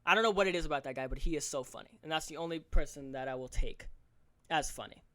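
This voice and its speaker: A young man hosting a solo podcast, ranting fast and profanely, tripping over his words with stammers and restarts. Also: on the high side, pushed and bright. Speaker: podcast host.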